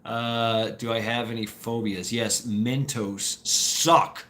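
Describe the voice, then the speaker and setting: Bright-voiced man, halting live stream chat. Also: medium pitch, fairly even intonation. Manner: halting, repeats words, laughs often. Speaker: streamer answering viewer questions.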